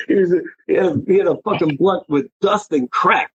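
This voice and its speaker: A man's voice: high-pitched, slightly rough, no room sound. A man telling rambling, profane stories as an interview guest. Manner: profane, rambling, animated storyteller. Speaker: interview guest, graffiti writer. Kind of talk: casual storytelling interview. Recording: dry, dull lo-fi sound.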